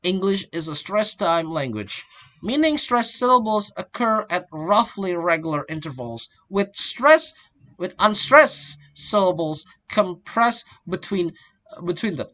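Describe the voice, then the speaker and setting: A young man, a student giving a class presentation, halting and often restarting his phrases. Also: sits high, very animated, sharp tone. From Indonesia. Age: young adult. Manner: halting, repeats and restarts phrases, links points with "and then".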